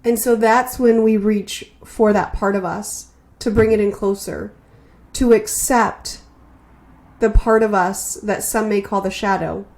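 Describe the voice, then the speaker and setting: A woman's voice: mid-range voice, fairly even intonation, darkish tone. Earnest woman giving spiritual talk. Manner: slow, earnest and heartfelt, with many repeated phrases. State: emotional, near tears. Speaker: spiritual podcast host.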